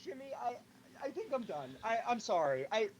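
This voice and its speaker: A man's voice: very high voice, big pitch swings, moderate pace, slight background noise, pitched above the performer's own voice. A man voicing a young woman who is blunt and easily flustered, in a casual tabletop game. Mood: defeated.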